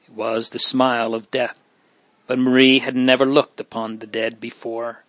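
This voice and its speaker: A man narrating an audiobook in a hushed, solemn and measured way, with a steady, flat melody at a mid pitch. The recording is close and dry, with no room sound behind him. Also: no room sound. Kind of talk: audiobook reading.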